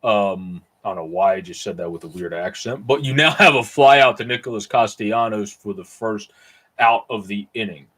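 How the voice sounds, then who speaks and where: Low-voiced man calling a game casually. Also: moderate pace, fairly bright tone, slightly rough. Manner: casual, rambling, many fillers. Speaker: amateur play-by-play streamer. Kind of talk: live play-by-play with chat replies.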